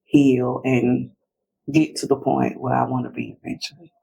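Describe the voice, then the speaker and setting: A woman's voice: extremely low pitch, flat delivery, moderate pace, gravelly, dark tone, breathy edge, poor audio. A woman guest in a casual interview, talking reflectively about parenting and retelling conversations with her daughters. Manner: reflective, acts out family dialogue.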